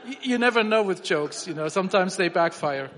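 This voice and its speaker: A man preaching a sermon in a relaxed, conversational way, often restarting his phrases. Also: sits high, fairly quick, slight background noise. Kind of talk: sermon with humor. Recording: long reverb of a hall.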